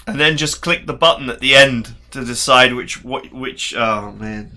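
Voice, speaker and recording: Bright-voiced man laughing through game commentary. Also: mid-range voice, unhurried. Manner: laughs often, amused and rambling. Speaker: gaming YouTuber. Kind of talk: let's play commentary.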